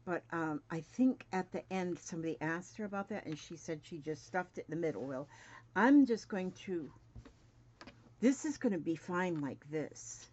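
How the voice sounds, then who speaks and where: A woman in her seventies, a crafting vlogger, chats casually and mutters to herself while sewing at home in a demonstration. Her lowish voice is expressive and a little mellow at a moderate pace, captured on a dull lo-fi home recording with faint noise.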